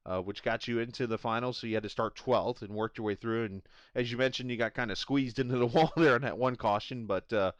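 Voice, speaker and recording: A man's voice: medium pitch, clean tone, no echo. A man hosting an esports racing broadcast, interviewing drivers after the race in a jokey, chatty way with lots of "uh" fillers. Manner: jokey, laughs often, many "uh" fillers. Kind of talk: post-race interview chat.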